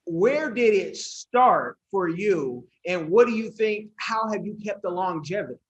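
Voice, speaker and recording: A podcast host with a notably high voice asks his questions loosely, stretching them out and restarting as he goes. His tone is easygoing and conversational. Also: expressive, slight background noise. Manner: casual, halting, drawn-out questions.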